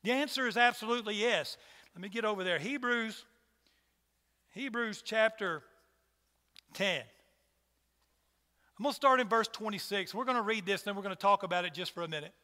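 A man's voice: sits high, moderate pace, pauses often, sharp tone, long reverb tail. A man preaching a sermon to a church congregation, emphatic and repeating his rhetorical questions. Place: church hall.

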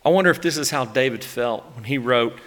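Bright-voiced man in his thirties, preaching. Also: medium pitch, fairly quick, big-room sound. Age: 30s. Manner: earnest, emotive preaching that acts out anguished laments. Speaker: pastor. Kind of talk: sermon.

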